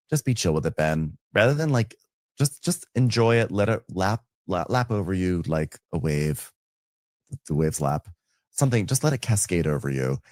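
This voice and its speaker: A man chatting through a recap podcast from his home, his pitch swinging widely as he leaps into high mocking impressions. The sound is dry and close to the mic, with no room around it. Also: no room sound. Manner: animated, jumps into high mocking voices when quoting. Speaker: podcast co-host. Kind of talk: casual recap chat.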